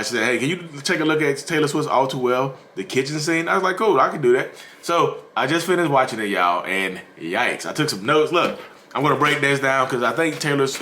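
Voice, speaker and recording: A man hosting a mental health channel, giving casual, animated commentary to his viewers and acting out quoted lines. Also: fairly low pitch, slight background noise. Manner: animated, addresses viewers as y'all, acts out quotes.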